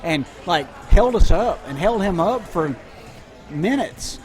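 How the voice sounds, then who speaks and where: A man's voice: high-pitched, slow pace. A man in his thirties co-hosting a podcast, telling rambling stories in casual chat. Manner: rambling storyteller, animated. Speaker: podcast co-host.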